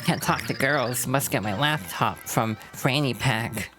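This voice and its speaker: A woman's voice: very deep voice, unhurried. A woman voicing a nerdy, lovestruck male chameleon lord who stammers and gets flustered, with game music behind.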